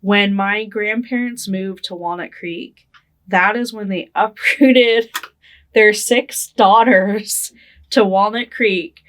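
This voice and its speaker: A woman's voice: mid-range voice, steady tone, slow. A young adult woman from Northern California talks through her childhood memories for an oral history interview. She keeps a casual, reflective tone, often adds "right?", and laughs lightly now and then. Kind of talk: reflective personal storytelling.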